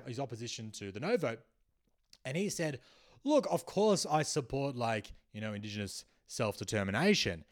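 A man hosting a comedy show, delivering a rambling, sarcastic monologue with many restarts. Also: medium pitch. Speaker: comedian host.

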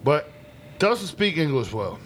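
Guy rambling shop stories, cussing and laughing, kinda high voice, light hiss behind. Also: very animated, a little slow, a bit bright. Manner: profane, laughing storyteller. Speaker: podcast guest and pizza shop manager. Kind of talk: casual chat storytelling.

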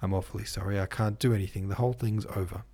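A man reading the part of a regretful young man who speaks gravely and quietly. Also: on the low side, steady tone, quick pace, no room sound.

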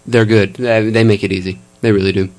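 A man guesting on a podcast as a band member, relaxed and friendly in casual chat. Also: fairly low pitch, a little fast.

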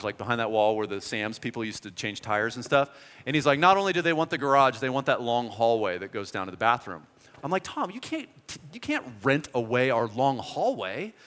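A man's voice: fairly high pitch, fairly bright tone. A man preaching a sermon in a church hall, telling stories animatedly and acting out quoted voices. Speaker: pastor.

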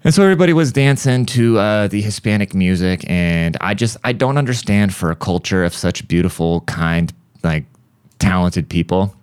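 A man's voice: sits low, smooth, no room sound. A man hosting a podcast, telling casual, profane, rambling comic stories and breaking into beat sounds now and then. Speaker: podcast host. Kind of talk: casual comedic storytelling. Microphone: studio podcast mic.

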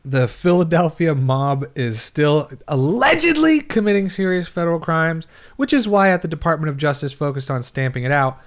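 A man's voice: a little high, expressive, moderate pace, few pauses. A young adult man co-hosting a podcast, reading news stories aloud in a casual, joking way, swearing and stumbling over words as he goes. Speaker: podcast co-host.

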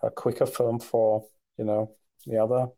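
A man's voice: fairly low pitch, flat delivery, moderate pace, gravelly, mellow. A man co-hosting a podcast in casual conversation, talking hesitantly with many fillers and restarts. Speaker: podcast co-host.

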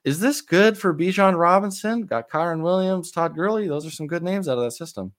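A man co-hosting a podcast, chatting casually and ranting with animated exasperation. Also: sits high, brisk, dry recording, clean studio sound. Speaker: podcast co-host. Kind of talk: casual chat.

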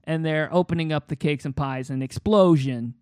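A man improvising a silly film pitch in casual chat, halting with many fillers and restarts. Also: darkish tone, smooth, dry recording, studio quality.

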